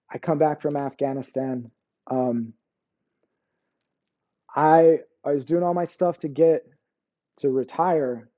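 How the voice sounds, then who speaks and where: A man's voice: medium pitch, mellow. A man in his forties, an army veteran guest, telling his story bluntly in casual, profanity-laced talk full of "bro" and "like".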